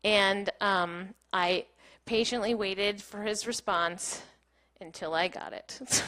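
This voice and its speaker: A woman's voice: medium pitch, slow pace, bright, forceful tone. A woman in her thirties giving a candid storytelling talk on a small stage, laughing often and saying "like" a lot. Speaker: keynote speaker.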